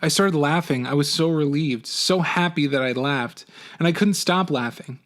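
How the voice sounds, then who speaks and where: Expressive man reading a novel aloud. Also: a little high, moderate pace. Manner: expressive, animated first-person reading. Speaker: teacher.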